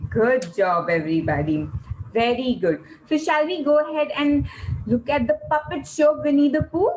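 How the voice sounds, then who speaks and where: A woman teaching an online class for young children, asking quiz questions in an animated, sing-song way and praising often. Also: high voice, normal speed, rough recording.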